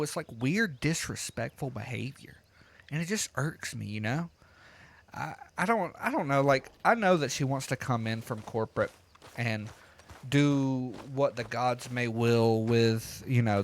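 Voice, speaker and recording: A man casually telling a rambling, profane story while he plays a game, getting loud and heated as he retells it. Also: mid-range voice. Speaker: gaming streamer telling a story. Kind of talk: casual storytelling over gameplay.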